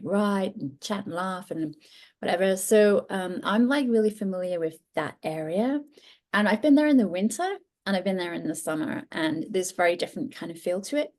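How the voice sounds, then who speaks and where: A woman's voice: lowish voice, normal speed, darkish tone. A woman author with a British accent, a guest on a podcast, talking in a bubbly way and laughing easily. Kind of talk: casual interview.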